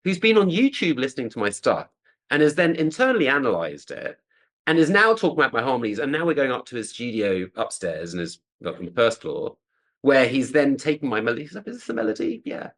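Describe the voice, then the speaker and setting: A man, a composer, telling lively anecdotes in an interview and acting out quoted voices. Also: medium pitch, brisk. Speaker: composer guest. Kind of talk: conversational interview storytelling.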